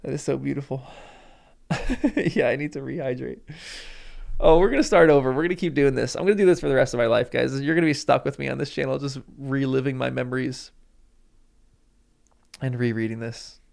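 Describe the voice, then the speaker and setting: A man's voice: medium pitch, a little fast, creaky, pauses often, darkish tone. A man hosting a live stream, chatting emotionally with viewers and reading from a book aloud.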